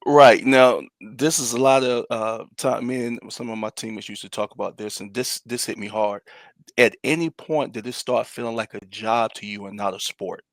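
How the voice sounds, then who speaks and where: A man's voice: medium pitch, fairly even intonation, normal speed, dry recording. A man hosting a casual sports interview, asking long conversational questions and affirming often. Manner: conversational, frequent short affirmations.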